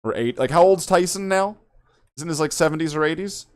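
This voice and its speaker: A man's voice: on the high side, brisk, smooth. A man hosting a podcast in casual chat, rambling and joking, swearing freely. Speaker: podcast host.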